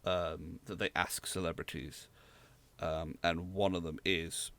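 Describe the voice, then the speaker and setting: Deep, fairly flat in pitch, a little slow and fairly bright in tone, this voice belongs to a podcast co-host from Southwest England. He chats casually in a dry, meandering way, using lots of fillers.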